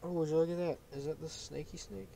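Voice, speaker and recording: A man playing a game on a video, commenting as he goes and yelling in frustration when he falls. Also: on the high side, steady tone, fast, creaky, heavy background noise. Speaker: gaming YouTuber.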